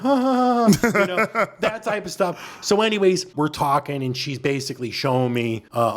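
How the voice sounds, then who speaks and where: Podcast co-host, male, crude and animated raconteur. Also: on the high side, normal speed, few pauses. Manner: crude, animated storyteller who acts out quotes. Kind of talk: casual storytelling chat.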